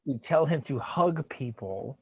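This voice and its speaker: A man playing in a tabletop role-playing game, chatting casually and excitably and swearing freely. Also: mid-range voice, a little slow, breathy edge, dry recording, lo-fi sound. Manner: excitable and profane. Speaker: player.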